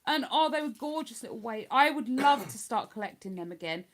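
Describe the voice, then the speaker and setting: A woman's voice: a little high, animated, a little fast. Chatty older woman from Hertfordshire. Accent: Hertfordshire English, between posh and London. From Hertfordshire, England. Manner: chatty, rambling, answers viewer comments. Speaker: livestream host. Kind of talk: casual livestream chat.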